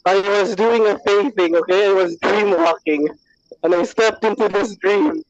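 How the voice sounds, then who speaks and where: Dramatic, high-voiced man. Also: moderate pace, no echo, muffled recording. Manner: dramatic, laughing, stammering. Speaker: player.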